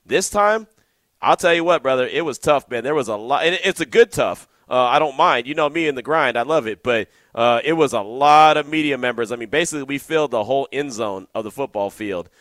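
A man's voice: mid-range voice, fairly quick, fairly bright tone, no room sound. A man hosting a sports radio show, telling stories in a loose, chatty, slangy way. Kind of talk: casual radio chat.

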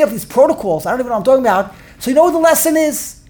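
Animated woman telling a lesson story. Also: high voice, very fast. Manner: animated, repeats herself, laughs while telling. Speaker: teacher leading a study class.

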